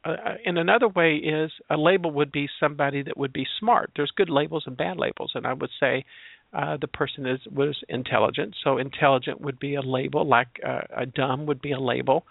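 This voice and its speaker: Fairly high-pitched and brisk with vocal fry, this man's voice carries no room sound but has a tinny, phone-like quality. As a transgender educator, he muses on labels in a reflective, exploratory way, citing personal experiences.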